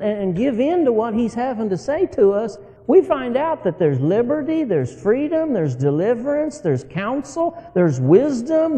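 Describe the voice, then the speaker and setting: A man's voice: extremely high pitch, in a large hall, poor audio. A man preaching a sermon as a folksy story, often chuckling as he talks. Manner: folksy, animated, laughs while telling his story.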